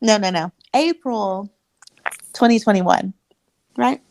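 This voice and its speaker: Lively woman chatting on a podcast. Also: mid-range voice, slow pace. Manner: lively, quotes herself in raised voice. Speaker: podcast co-host. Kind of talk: casual chat.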